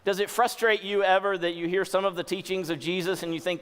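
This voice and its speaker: A male pastor giving a sermon, going from hushed, gentle lines to forceful ones as he voices scripture. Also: high voice, steady tone, fast talker, clean tone. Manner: shifts between soft hushed tones and forceful lines when voicing scripture. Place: church sanctuary. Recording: long hall reverb.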